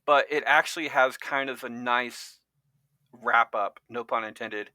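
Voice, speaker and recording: A man's voice: mid-range voice, fairly even intonation, measured pace, bright, forceful tone, dry recording. A man hosting a podcast in casual chat, rambling and restarting often as he talks through votes. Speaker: podcast host.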